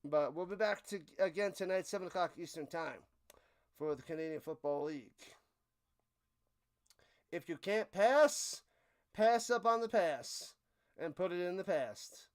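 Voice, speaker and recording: Unhurried and leaving long pauses, a young streamer calls a live football game in a high, smooth, clear voice. He jokes around animatedly, promotes a friend's channel, and laughs when he trips over a player's name.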